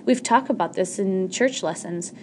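A woman's voice: mid-range voice, moderate pace, slight background noise, natural voice. Woman reading as a prim lecturing schoolmistress. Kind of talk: audiobook reading.

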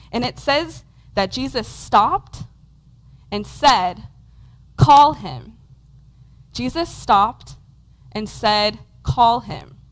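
A woman's voice: fairly high pitch, a bit bright, a little hiss or hum, poor audio. A woman preaching a conversational sermon in a church, talking casually with lots of "um" and "like". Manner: casual, many fillers like "um" and "like". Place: church hall with a congregation.

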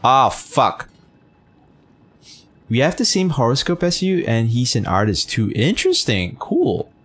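A man's voice: mid-range voice, huge pitch swings, measured pace, breathy edge. A man streaming a game, chatting casually with his chat, teasing, full of fillers and swearing. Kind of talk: casual gameplay commentary, reading chat.

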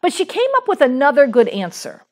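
Lively, high-voiced woman pastor preaching. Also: fairly quick. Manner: conversational, with fillers and restarts; acts out a small boy's lines in a higher voice when telling a story. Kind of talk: sermon.

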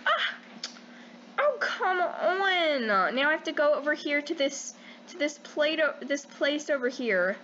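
A young woman giving casual gameplay commentary as a channel host, excitable, squealing when panicked and full of "like" fillers. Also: high voice, normal speed, dull audio, a little hiss or hum.

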